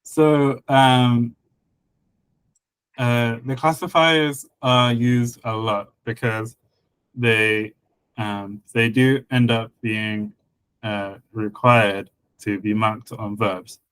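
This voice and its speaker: A man chatting casually on a podcast, explaining a constructed language, with many fillers and a patient, halting delivery. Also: medium pitch, fairly even intonation, fairly bright tone, clean tone, dry recording, low-quality recording. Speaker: conlang creator guest and co-host. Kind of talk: casual podcast chat about linguistics.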